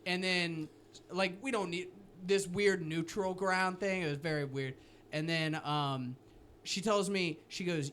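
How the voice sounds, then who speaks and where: A man tells a story on a comedy podcast, animated and deadpan by turns. His voice sits fairly high and rings bright and forceful. He talks into a studio podcast mic. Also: a little slow, a little hiss or hum. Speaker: podcast co-host telling a story. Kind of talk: casual comedy podcast chat.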